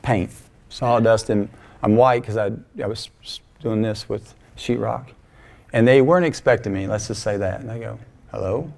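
A man's voice: on the low side, normal speed, creaky, a little mellow. A middle-aged man pastor telling a personal story in a folksy, conversational sermon, acting out bits of dialogue. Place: church sanctuary.

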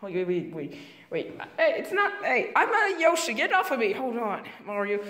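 A woman voicing characters in an improvised toy skit, excitable and stammering with frequent repeats. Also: a little high, moderate pace. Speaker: fan video puppeteer voicing characters. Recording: music playing behind. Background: music.

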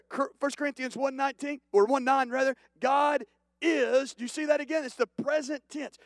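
A male pastor preaching a sermon, moving from hushed, slow passages to loud, emphatic declarations. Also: extremely high pitch, lively intonation, gravelly, no echo. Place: church.

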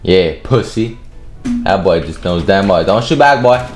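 A man's voice: low voice, expressive, measured pace, reverberant, soft background music. A man giving profane, taunting commentary over his own gameplay. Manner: profane, taunting trash talk. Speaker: gaming video host.

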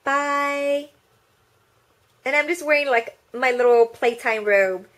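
A woman's voice: high-pitched, slow pace, fairly bright tone. A woman chatting casually to her viewers in a cutesy baby-talk way from her bedroom. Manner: bubbly and playful. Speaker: vlogger and martial arts student. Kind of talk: casual vlog chat.

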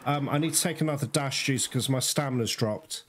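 A young man giving excitable live gameplay commentary as host, groaning, swearing and laughing at the game. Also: mid-range voice, brisk. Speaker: gaming video host. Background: loud game music.

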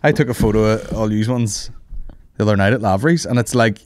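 A man's voice: lowish voice, quick pace, no room sound, studio quality. A man, hosting a casual comedy podcast, swearing and laughing through anecdotes. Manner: swears freely, laughs often, tells anecdotes. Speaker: podcast host.

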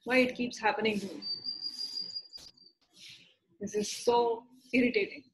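Woman guiding slow tapping affirmations. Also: fairly high pitch, very animated, creaky, background noise. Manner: slow, repetitive affirmations said for the listener to repeat. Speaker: EFT practitioner. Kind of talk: guided tapping session.

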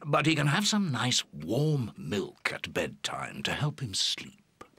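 A kindly bear doctor in a children's cartoon, with a calm, soothing bedside manner. His voice is gravelly and husky, with a bright, pressed edge. He sounds dry and close to the mic. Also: lowish voice, slow pace, no room sound, full character voice. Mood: gentle. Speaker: cartoon character. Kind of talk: British children's cartoon voice acting.

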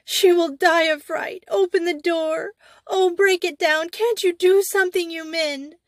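A woman reading aloud, voicing a frantic mother in high, wailing pleas. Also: fairly even intonation, measured pace, no room sound. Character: frantic mother of a trapped girl.

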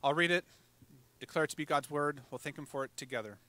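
A male pastor preaching a sermon in a conversational way, with fillers and quick asides. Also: on the high side, pushed and bright, dry recording.

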